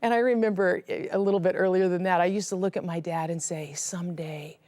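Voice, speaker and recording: A middle-aged woman giving an earnest, emotional personal testimony, her voice sinking to a hushed whisper at the painful moments. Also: fairly low pitch, fast talker, dry recording. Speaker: guest sharing her testimony.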